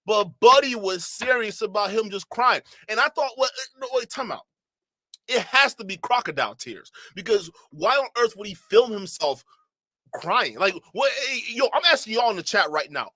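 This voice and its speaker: Guy ranting to his chat, high voice, real dry close sound, mocking and laughing. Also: moderate pace, dry recording. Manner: animated, mocking, laughing often. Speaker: commentary channel host. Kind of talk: reaction commentary to chat.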